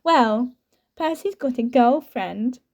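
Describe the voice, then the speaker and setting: A woman's voice: high-pitched, expressive, slow pace, a little mellow, exaggerated voice. A woman voicing a cheerful eleven-year-old girl witch in a chatty, giggly way.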